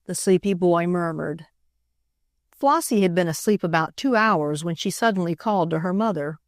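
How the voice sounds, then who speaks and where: A woman's voice: fairly low pitch, moderate pace, no echo. Woman narrating a storybook, dry sound. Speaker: audiobook narrator. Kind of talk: scripted narration of a children's classic.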